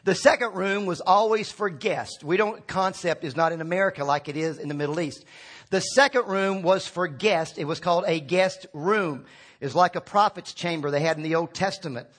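A man's voice: high voice, moderate pace, fairly bright tone. A man preaching a sermon as pastor, talking conversationally with restarts and acting out quotes.

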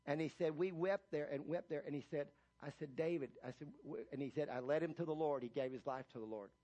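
A male pastor preaches a sermon in a church, his voice sitting a little high for a man. He tells a long story with stops and restarts, then builds into loud, emphatic scripture reading. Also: fast.

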